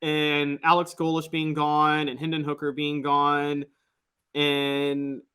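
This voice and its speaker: Opinionated co-host, fairly high voice. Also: male voice, completely flat delivery, slow pace, bright, forceful tone, clean tone. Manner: opinionated, laughs at his own jokes. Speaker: sports podcast co-host. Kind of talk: casual sports talk.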